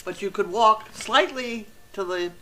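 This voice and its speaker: A woman's voice: mid-range voice, unhurried, sharp tone, slight background noise. A woman chatting casually as co-host at a dog training center, giving short, matter-of-fact replies. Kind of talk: casual chat.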